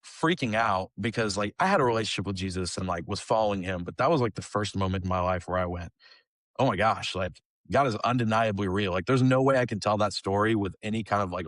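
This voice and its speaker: A young man in his twenties, a kids ministry leader, telling a personal story in a casual, animated way and acting out the dialogue. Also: low voice, no echo, clean studio sound. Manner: animated storyteller who acts out quoted dialogue; casual, with frequent fillers like "like" and "um". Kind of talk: conversational storytelling.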